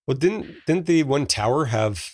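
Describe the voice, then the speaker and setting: A man's voice: mid-range voice, lively intonation, a little slow, dry recording, studio quality. A man in his forties co-hosting a podcast, chatting casually about a movie in a storytelling way with plenty of fillers and laughs. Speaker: podcast co-host. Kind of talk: casual movie review chat.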